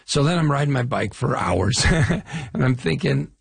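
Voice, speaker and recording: Older male guest, gravelly and a little husky, halting anecdotes, dry close sound. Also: medium pitch, expressive, no echo. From Chicago area, US Midwest. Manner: unhurried, halting storytelling with fillers. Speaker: actor guest. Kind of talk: casual interview conversation.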